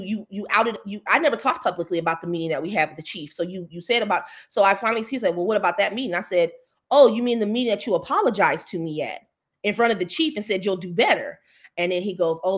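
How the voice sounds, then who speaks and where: A woman, a local official, chatting as a guest on a talk show, telling a story with mocking indignation and jumping higher when she quotes people. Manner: animated storytelling, jumps higher when quoting others. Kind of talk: casual talk-show chat.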